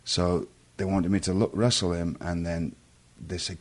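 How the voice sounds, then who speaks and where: A man's voice: sits low, normal speed, vocal fry, hardly any pauses. A middle-aged English man telling a long story in a casual interview, rambling and interrupting himself. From England. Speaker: guest.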